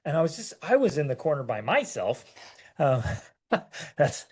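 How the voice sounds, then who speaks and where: A man co-hosting a parenting talk, telling a personal story in a halting, emotional way, full of restarts and repeated words. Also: a little high, big pitch swings, darkish tone, slightly rough. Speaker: parenting show co-host.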